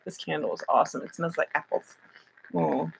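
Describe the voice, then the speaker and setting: A woman's voice: low-pitched, steady tone, a little fast, vocal fry, husky. A woman chatting on a live stream from home, giggly and rambling, with many fillers and restarts. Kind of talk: casual live-stream chat.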